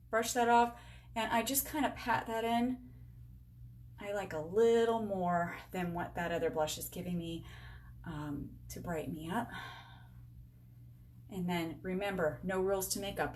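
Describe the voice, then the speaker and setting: A woman in her forties giving a casual live-stream makeup tutorial, chatty and upbeat, talking to herself and her viewers as she works. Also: medium pitch. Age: 40s. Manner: chatty, talks to herself and viewers while working; upbeat, self-teasing. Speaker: beauty sales rep demonstrating makeup. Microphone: camera with a halo light.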